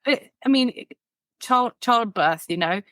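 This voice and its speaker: A woman's voice: fairly high pitch, slow, dry recording. A woman, a podcast guest who tells stories vividly and acts out the people in them. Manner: animated storyteller who acts out quoted people. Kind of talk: podcast conversation.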